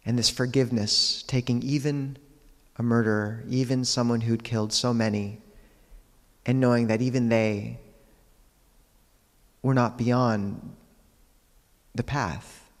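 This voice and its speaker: A man, a Buddhist monk, giving a dharma talk, telling teaching stories in a calm, measured way with quiet pauses. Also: medium pitch, big-room sound.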